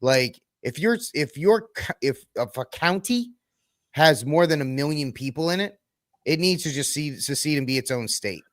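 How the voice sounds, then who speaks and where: A man's voice: a little high, animated, normal speed, no echo. Dry, sarcastic male co-host. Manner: wry, sarcastic storyteller. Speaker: podcast co-host. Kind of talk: casual chat.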